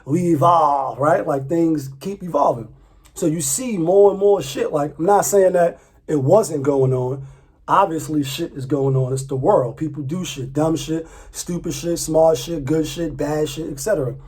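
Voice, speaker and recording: Man, high voice, husky tone, casual profane vlog rant. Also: measured pace, darkish tone. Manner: loose, profane, repeats himself, laughs often. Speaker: vlogger. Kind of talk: casual commentary.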